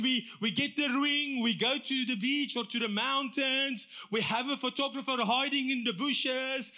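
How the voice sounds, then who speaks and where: A middle-aged man preaching a sermon, telling the story with lively asides and acted-out voices. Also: very high-pitched. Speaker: pastor.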